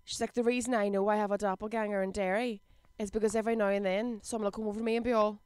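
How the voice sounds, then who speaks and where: Smooth-voiced Northern Irish woman. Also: medium pitch, little pitch movement, racing, darkish tone, no room sound, clean studio sound. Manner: chatty, quotes people in put-on voices, laughs often. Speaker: podcast guest, comedian. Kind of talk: casual chat.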